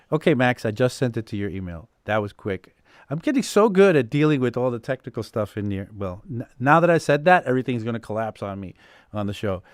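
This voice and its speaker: A man with a lowish, clear, resonant voice hosts a live music production Q&A over a video call. He rambles, full of fillers and restarts, and laughs easily. There's no room sound.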